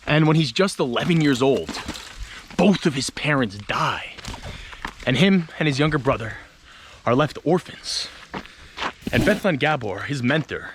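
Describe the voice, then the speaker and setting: A man vlogging outdoors on a hike, telling a history tale in an animated, excitable way with casual swearing. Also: medium pitch, measured pace, pauses often, background noise. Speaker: travel vlogger and history storyteller. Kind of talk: casual storytelling vlog while hiking.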